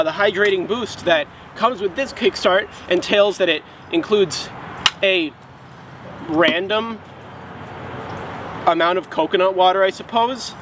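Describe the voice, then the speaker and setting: A man reviewing a drink in a rambling, sarcastic comic vlog, mock-scolding his viewers, recorded outdoors with traffic noise. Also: fairly high pitch.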